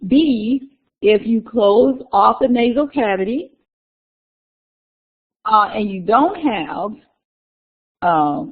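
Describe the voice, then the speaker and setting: A woman teaching a class in an easy, conversational way, going back over key terms and walking through slides as she goes. Her voice has a gravelly edge. The recording sounds thin and tinny, like a phone line. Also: mid-range voice. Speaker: instructor. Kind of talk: recorded lecture.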